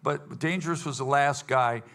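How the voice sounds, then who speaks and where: A man with a mid-range, slightly bright voice speaks at a normal pace while hosting his band's casual Q&A before a live audience in an event hall. He rambles in a folksy way, filling his talk with fillers and restarts.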